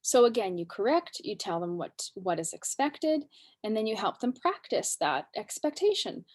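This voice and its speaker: A woman in her thirties, a parenting coach, gives a casual workshop talk and often acts out lines from parents and children in a lively way. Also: mid-range voice, moderate pace.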